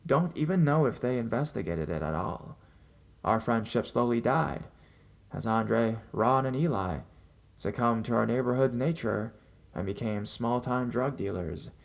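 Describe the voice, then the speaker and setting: A young adult man calmly reading first-person horror stories as a narrator. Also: mid-range voice, vocal fry. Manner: calm, measured storytelling. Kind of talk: scripted narration. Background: faint background music.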